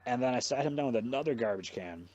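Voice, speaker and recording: The audio is dull with a little hiss or hum as a young man hosts a podcast, talking fast in a mid-range voice. Chatting casually, he rambles through a long story, swearing all the time with lots of animation.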